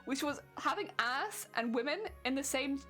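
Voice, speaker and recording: A woman's voice: high voice, lively intonation, normal speed, a bit bright, soft background music. A young British woman streaming casually while crafting, chatty and giggling often. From Britain.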